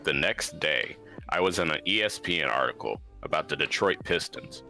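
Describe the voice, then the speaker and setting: A man's voice: very deep voice, expressive, normal speed, creaky, bright, forceful tone, soft background music. A man telling a casual story as a podcast guest. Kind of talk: casual livestream anecdote.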